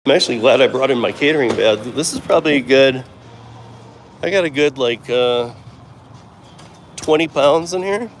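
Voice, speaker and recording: A middle-aged Michigan man with a Michigan accent chats casually on a live stream while driving for deliveries, rambling and restarting his sentences. His voice is medium-pitched at a moderate pace with frequent pauses, and the recording inside the vehicle carries a little hiss or hum and music playing in the background.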